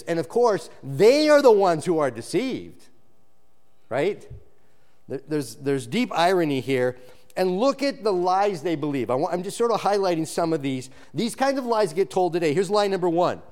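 A male pastor preaching an expository sermon, shifting between low emphatic lines and raised animated ones, often restarting his words. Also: moderate pace. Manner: frequent restarts and repeated words.

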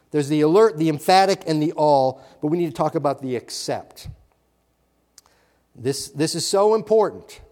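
Emphatic preacher, man, echoing hall. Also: sits high. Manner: emphatic preaching, swings loud and soft, repeats words. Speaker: pastor. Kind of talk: sermon. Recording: long hall reverb.

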